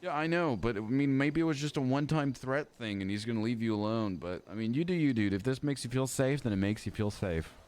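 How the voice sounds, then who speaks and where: A man's voice: medium pitch, brisk, few pauses, a little mellow, clear, resonant tone. A young man in a role-play game, chatting casually in character in a blunt, teasing way.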